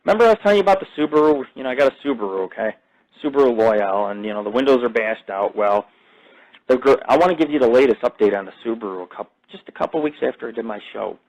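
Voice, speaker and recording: A man's voice: medium pitch, lively intonation, fast, a little mellow, rough recording. A man hosting his own podcast, delivering a rambling, profane casual monologue that jumps between topics. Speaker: podcast host.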